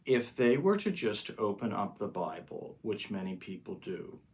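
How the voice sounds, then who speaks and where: A man co-hosting a podcast as a pastor, talking in a casual, earnest way and slowing down to stress his points. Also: lowish voice, big pitch swings. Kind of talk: casual chat.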